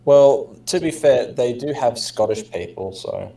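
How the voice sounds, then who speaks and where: A man's voice: mid-range voice, a little slow, dark tone. Teasing Australian-raised man. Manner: teasing, crude banter. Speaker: guest on a stream. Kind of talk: casual chat.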